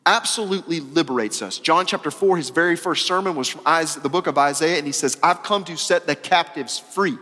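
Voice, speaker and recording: Male pastor, high voice, emphatic casual sermon delivery, big hall reverb. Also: a little fast, few pauses. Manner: emphatic, repeats phrases, swings between loud and soft; casual, uses "y'all" and slang.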